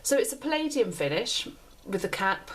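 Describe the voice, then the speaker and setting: With a medium pitch and a sing-song lilt at a moderate pace, a British woman hosts a pen review show. She chats casually as she describes the pen, often going back over and restarting her phrases.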